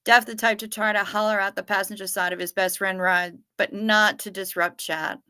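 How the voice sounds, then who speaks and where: A woman's voice: medium pitch, fairly even intonation, moderate pace, bright, forceful tone, clear, resonant tone, no echo, clean studio sound. A woman hosting a livestream, reading out viewer chat and replying in a jokey, profane, rambling way. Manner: jokey and profane, musing aloud with restarts. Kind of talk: casual chat.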